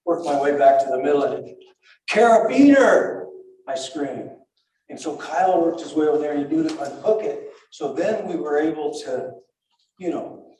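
An older man recounting a survival ordeal in a halting, breathless way, full of restarts and repeated words. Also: fairly high pitch, mellow. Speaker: survivor telling his story. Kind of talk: spoken first-person recollection. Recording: very echoey and far from the mic.

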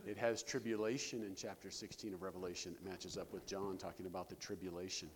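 A man preaching a sermon as pastor, animated, breaking scripture readings with joking asides. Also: low voice, quick pace, a little hiss or hum. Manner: animated, jokey asides, reads scripture with rising emphasis. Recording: long reverb of a hall.

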